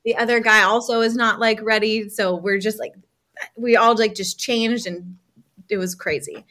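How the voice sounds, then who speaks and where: A healing coach on a podcast tells a personal story in a lively way, acting out other people's lines and tossing in lots of casual fillers. Her voice sits on the high side at a moderate pace.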